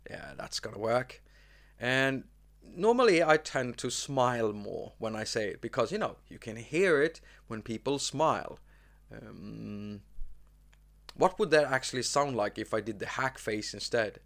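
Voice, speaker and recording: A man hosting a relaxed live stream, talking at a middling pitch. He rambles and restarts his sentences, with plenty of ums along the way. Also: a little slow, gravelly. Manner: rambling, many fillers and restarts. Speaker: host. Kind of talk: casual live-stream chat.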